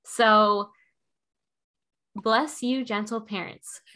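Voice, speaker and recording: A woman and mother hosting a casual chat, frank and animated, swearing freely. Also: on the high side, extremely slow.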